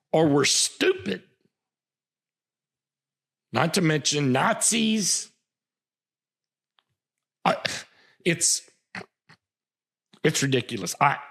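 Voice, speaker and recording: A man's voice: medium pitch, gravelly, breathy edge. A man hosting a podcast, delivering a passionate political commentary monologue with frequent stammering restarts. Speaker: podcast host.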